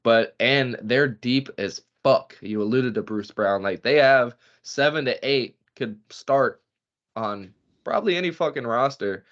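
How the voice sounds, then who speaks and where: A man's voice: mid-range voice, a little slow. Profane, ranting male podcast co-host. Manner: profane, animated rants. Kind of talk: casual sports chat. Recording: dull lo-fi podcast audio.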